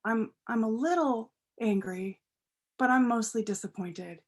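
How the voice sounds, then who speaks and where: A woman voicing a stern but loving father in a children's story, speaking in a measured, halting way. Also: a little high. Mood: tender.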